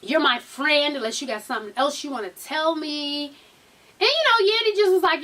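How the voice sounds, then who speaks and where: A woman with a Black way of speaking, recapping a reality show episode like she is gossiping with a friend. Her voice sits high, and she swears freely, throws in a drawn-out "child" now and then, and switches into raised voices when she quotes people. The mic is set a bit away from her, so she sounds slightly distant. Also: lively intonation, bright, forceful tone.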